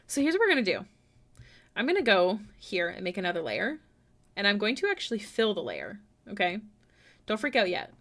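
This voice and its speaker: A young woman talks to her stream from a desk at home as she draws, casual and self-deprecating. Her pitch swings widely, and she breaks into excited exclamations easily. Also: fairly quick, long pauses. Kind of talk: casual live-stream chat while drawing. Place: home room.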